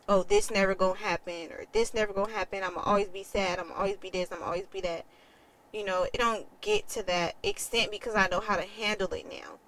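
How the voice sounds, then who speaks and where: A woman's voice: fairly low pitch, a bit bright, poor audio. Young woman, casual storytelling, candid, emotional, swears, acts out quotes. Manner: quotes others in a changed voice. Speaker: vlogger.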